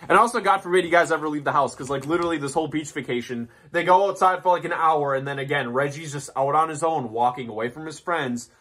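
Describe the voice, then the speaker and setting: Man, fairly high voice, sarcastic profane rant, rambling list commentary. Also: quick pace, hardly any pauses, pushed and bright. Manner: rambling with restarts. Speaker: commentary YouTuber. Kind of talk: ranting commentary.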